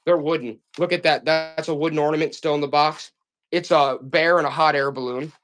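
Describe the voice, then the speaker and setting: A man running a live online sale, talking straight to his viewers in a loose, repetitive pitch. His voice sits a little high for a man, and he keeps the patter rolling with quick asides and hype. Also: fairly even intonation, fairly bright tone. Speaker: live auction seller. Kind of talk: live-stream sales pitch.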